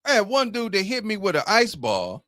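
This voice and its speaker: Lively storytelling man, dry close sound. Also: high voice, fairly quick, dry recording. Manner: storytelling, candid and profane. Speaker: host. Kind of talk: casual chat.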